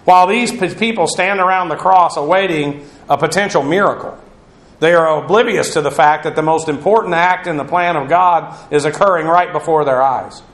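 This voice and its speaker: A man's voice: fairly high pitch, normal speed, fairly bright tone, echoey room. A man teaching through a Bible passage verse by verse, in a conversational, digressive way with asides on Greek grammar.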